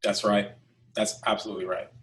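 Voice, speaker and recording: A man's voice: on the low side, little pitch movement, brisk, a bit bright, recorded from a distance. A man hosting a casual business podcast, earnest and often restarting his words. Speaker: podcast host, business owner.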